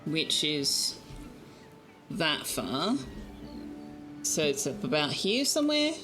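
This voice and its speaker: A woman's voice: low voice, big pitch swings, slow pace, over music. A woman streamer in a casual live-stream chat, teasing her viewers and cooing at her cat, speaking into a desk microphone at home. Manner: chatty, teasing, talks to her cat in baby talk.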